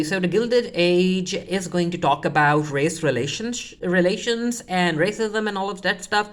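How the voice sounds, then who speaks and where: Low-voiced woman casually recapping a show. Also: unhurried, few pauses. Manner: rambling, full of restarts and quoting characters offhandedly. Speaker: TV show reviewer.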